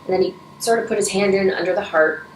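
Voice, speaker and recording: A Rotary vice president, this middle-aged woman talks at a quick pace in a mid-range voice while being interviewed. Her answers are earnest and emotional, with frequent restarts and moments where she chokes up, captured from afar in an echoey room with faint noise.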